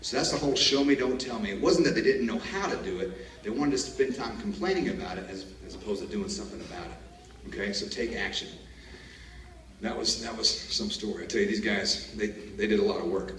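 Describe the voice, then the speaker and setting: A man's voice: fairly low pitch, lively intonation, fairly quick, a bit bright, slight background noise. A man gives a graduation speech, telling army stories in a joking, folksy way. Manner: folksy storyteller, jokes and laughs at his own stories. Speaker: graduation speaker. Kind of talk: commencement speech. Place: large hall. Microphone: far camera. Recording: echoey hall, distant camera.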